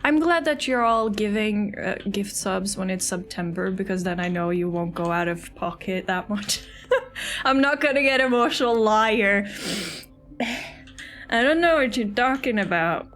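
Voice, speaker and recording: A young adult woman streaming a game, chatting casually and excitably, swearing freely and thanking viewers by name. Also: medium pitch. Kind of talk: casual live-stream chatter while playing.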